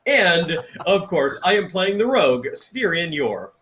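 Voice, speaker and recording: A man's voice: high-pitched, very animated, unhurried, a bit bright. A man playing in a tabletop game who talks in a phony announcer voice. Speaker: player. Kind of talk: casual chat.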